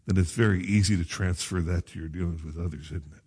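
Husky man preaching conversationally. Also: low-pitched, level tone, a little fast, hardly any pauses, a little mellow. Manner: conversational preaching with self-corrections and asides. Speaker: pastor. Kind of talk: sermon.

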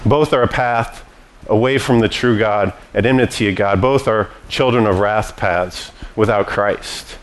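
A man's voice: lowish voice, unhurried, few pauses, slight background noise. A man preaching a sermon in an earnest, rhetorical way, tossing in questioning asides to his listeners.

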